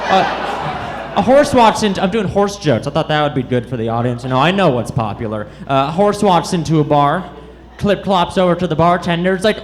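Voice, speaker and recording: This comedian's voice runs on the high side, brisk and with lively intonation. He plays awkward and self-deprecating onstage at a comedy club, stumbling through lines on purpose. The live club recording has heavy audience noise.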